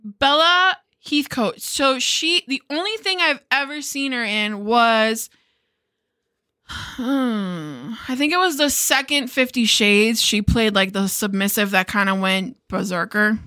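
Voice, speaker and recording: A woman's voice: a little high, slow pace, bright, forceful tone. A woman hosting a casual podcast chat, chatty and giggly, swearing freely as she recaps a show. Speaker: podcast host.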